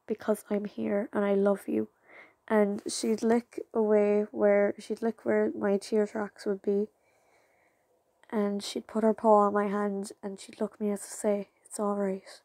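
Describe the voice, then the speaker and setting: Young woman, casual vlogger, rambling, teary, dry sound, middle pitch. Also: little pitch movement, gravelly, mellow, no echo. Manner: rambling, halting, with many fillers and restarts. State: fighting back tears. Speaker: channel creator. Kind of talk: casual vlog talk to viewers.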